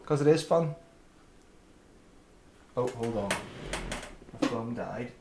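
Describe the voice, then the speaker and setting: A man's voice: medium pitch, expressive, slow, background noise. A man commentating his own racing game live and chatting to viewers by name. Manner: chatty, addresses viewers by name, friendly banter. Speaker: livestreamer.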